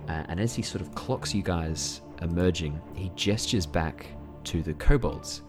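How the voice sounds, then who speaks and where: A man narrating as game master of a tabletop game, relaxed and chuckling, with plenty of hesitant fillers. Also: deep voice, unhurried. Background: background music.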